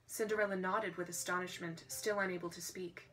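A woman's voice: lowish voice, fairly even intonation, fairly quick, hardly any pauses, a bit bright, faint music behind, poor audio. Woman reading a storybook with joking asides. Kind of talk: casual storybook read-aloud.

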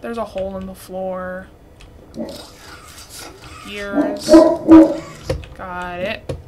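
A woman's voice: medium pitch, little pitch movement, drawn-out words, background noise. A young woman giving casual let's-play commentary, frantic and swearing as she talks to her viewers. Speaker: gaming streamer.

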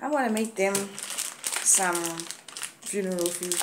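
Chatty low-voiced woman vlogging at home. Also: steady tone, normal speed, background noise. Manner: chatty, mock-solemn and playful. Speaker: vlogger, mother. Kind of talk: casual family vlog chat. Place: home kitchen, indoors.

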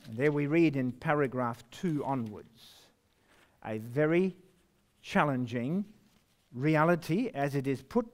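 A man preaching a sermon, reading scripture slowly and emphatically, with sudden rises and drops in his voice. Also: mid-range voice, a little mellow. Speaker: pastor.

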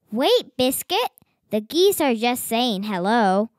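A woman reading a children's picture book aloud in a gentle, sing-song way. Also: high voice, sing-song, slow pace, no room sound, studio quality. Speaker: storybook reader.

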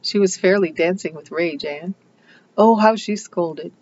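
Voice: mid-range voice, a little slow, dull audio, slight background noise, lightly acted. A reader doing a loyal, nervous young girl. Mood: hushed.

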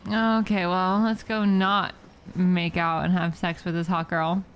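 A woman's voice: lowish voice, little pitch movement, measured pace, slight background noise. A young woman streaming a video game, playful and giggly, swearing and reacting to the game as she chats. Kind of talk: live game commentary.

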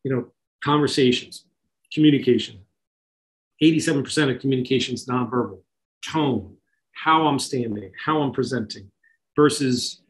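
A man's voice: mid-range voice, normal speed, pauses often, rough recording. A middle-aged man giving an informal talk to parents, conversational, with many fillers and restarts. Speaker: speaker at a parent talk on kids and technology.

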